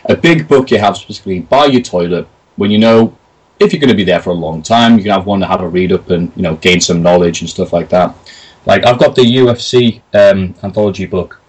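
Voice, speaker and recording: A man's voice: deep voice, brisk, slightly rough, far from the mic, low-quality recording. A British man telling stories in a casual interview, chatty and jokey, acting out quotes in other voices. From Britain. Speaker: interview guest, video creator.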